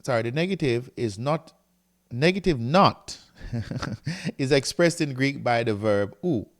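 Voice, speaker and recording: An animated male Greek teacher with a mid-range voice lectures on grammar at a measured pace in a recording. Moving step by step, he reads from a textbook, writes on a board, and frequently checks in by asking "right?"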